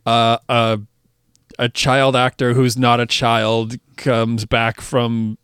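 A man from New Hampshire co-hosting a podcast in casual chat, halting and full of fillers, often chuckling. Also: medium pitch, flat delivery, a bit bright, smooth, dry recording, studio quality. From New Hampshire, USA. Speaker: podcast co-host.

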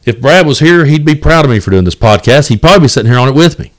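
A man's voice: medium pitch, expressive, rapid-fire. A man hosting a solo podcast, talking in a blunt, fired-up and profane way, often repeating words as he restarts. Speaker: podcast host.

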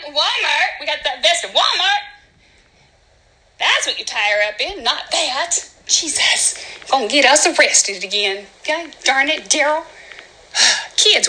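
A woman's voice: sits high, sing-song, slow, rough recording. A woman hosting a podcast in a goofy, rambling comedic monologue, laughing and jumping from bit to bit. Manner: goofy, loud, laughing, jumping between bits. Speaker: podcast host.

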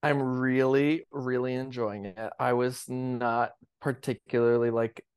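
A man as a podcast guest chatting casually, enthusiastic and quick to laugh. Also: medium pitch, steady tone, a little mellow, clear, resonant tone, no room sound, studio quality. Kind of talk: casual chat.

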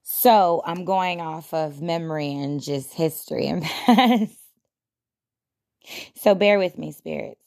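A woman's voice: low voice, slow pace, creaky, pauses often, darkish tone. A young adult woman hosting a podcast, talking casually and reflectively, chatty and self-deprecating with frequent laughs. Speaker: podcast host.

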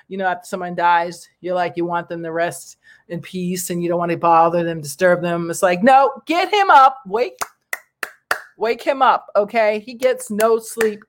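Animated, slangy vlogger ranting to viewers. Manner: animated, slangy and exclamatory, with big pitch jumps; rambling, with fillers and asides to viewers. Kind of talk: casual opinion monologue.

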